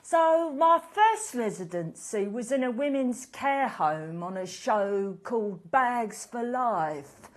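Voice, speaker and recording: A woman's voice: fairly high pitch, animated, takes it slowly, few pauses. A woman playing an earnest, self-pitying middle-aged activist, rambling and dramatizing her own story in a one-woman comedy show. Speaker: guest in a comedy sketch.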